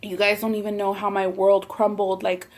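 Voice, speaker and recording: A woman's voice: mid-range voice, little pitch movement, moderate pace, a little mellow. A woman vlogger telling a long personal story in a casual, rambling way, leaning on "like" and swearing freely. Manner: rambling, heavy use of "like" and swearing. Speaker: mukbang vlogger.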